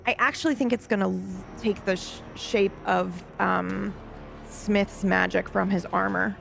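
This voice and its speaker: A woman's voice: mid-range voice, steady tone, measured pace, vocal fry, fairly bright tone, faint music behind. A woman playing a tabletop game who describes her character's spells thoughtfully, searching for her words. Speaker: player.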